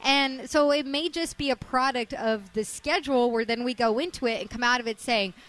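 A woman's voice: fairly high pitch, a little fast, a bit bright. A woman co-hosting a sports radio show, making wry, sarcastic points in casual talk.

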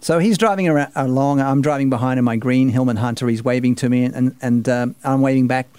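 An Australian radio host in his sixties tells stories in an easy, chatty way, breaking into laughs along the way. His voice sits at a middle pitch. The sound is dry and close, with no room echo. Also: steady tone, brisk, darkish tone, clear, resonant tone. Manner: laughs while telling stories. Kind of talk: casual storytelling chat.

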